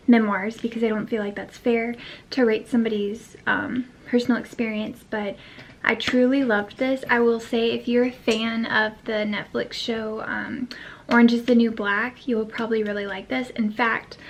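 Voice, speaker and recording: A tired woman chatting to camera as a book vlogger, rambling with lots of fillers and the odd whispered aside. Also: fairly high pitch. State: tired, yawning. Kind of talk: casual chat to camera.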